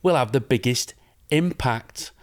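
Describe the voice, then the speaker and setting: A male podcast co-host speaking at an ordinary pitch. He fumbles and restarts his sentences in casual chat, then reads the sponsor lines. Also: unhurried.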